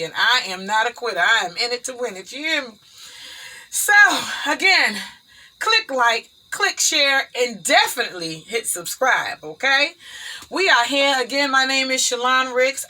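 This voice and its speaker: A woman's voice: fairly high pitch, sharp tone, poor audio. A woman hosting her own show, chatting casually and calling viewers y'all and baby. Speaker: host. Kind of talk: casual chat.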